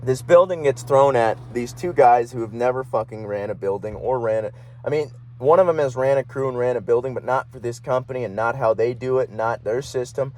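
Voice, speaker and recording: A man's voice: mid-range voice, fairly quick, darkish tone. A young man hosting a podcast, talking in a heated, rambling, profane monologue from his vehicle. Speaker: podcast host. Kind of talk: casual ranting monologue.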